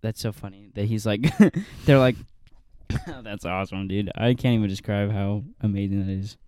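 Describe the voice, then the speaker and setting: Low-voiced young man, laid-back banter. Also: normal speed, a little mellow, smooth, dry recording. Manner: laid-back, riffing, laughs a lot. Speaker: podcast co-host. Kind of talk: casual chat.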